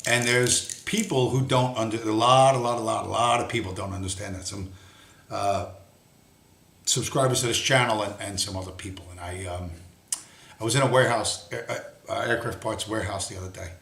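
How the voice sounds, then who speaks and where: A man's voice: fairly low pitch, steady tone, fairly quick, vocal fry, fairly bright tone. A man hosting a livestream, giving an angry, profane monologue and swearing bluntly throughout. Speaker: livestream host. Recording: roomy echo.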